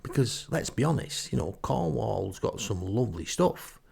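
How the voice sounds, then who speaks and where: A man's voice: on the low side, animated, moderate pace, vocal fry, a little mellow, breathy edge. An older man with a Northern English accent telling a comic story in a wry, chatty, self-deprecating way. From Northern England. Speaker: storyteller, podcast host. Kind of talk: comic first-person storytelling.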